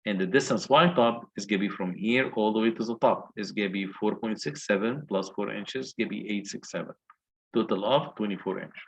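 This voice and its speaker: A man's voice: lowish voice, fairly quick, creaky, fairly bright tone, slightly rough, poor audio. A male engineering lecturer walking through calculations step by step and asking the class questions. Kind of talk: recorded lecture walkthrough.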